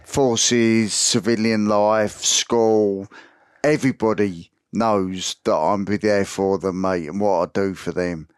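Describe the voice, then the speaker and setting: Earnest Australian male guest, lowish pitch, dry podcast sound. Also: fairly even intonation, slow, clear, resonant tone, no echo. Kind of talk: casual interview chat.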